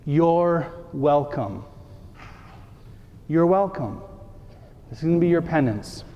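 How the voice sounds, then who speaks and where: A man's voice: fairly high pitch, mellow. A male priest giving a conversational sermon, acting out short everyday dialogues for his congregation. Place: church. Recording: reverberant church hall.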